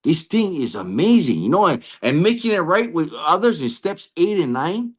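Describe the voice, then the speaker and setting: A man with a Hawaiian Pidgin-inflected accent tells his own recovery story in an earnest, circling way. His voice sits a bit high and swings widely in pitch. He tags almost every phrase with "right?" and stumbles over his restarts. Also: big pitch swings, moderate pace. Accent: Hawaiian Pidgin-inflected English. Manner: frequent restarts and stammered repeats. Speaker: recovery meeting speaker. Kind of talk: personal recovery testimony.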